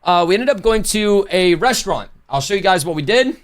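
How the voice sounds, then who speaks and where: A male streamer talks casually with his chat, with loose slang and frequent self-corrections. His voice sits high for a man. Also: expressive, a little fast. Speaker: livestreamer.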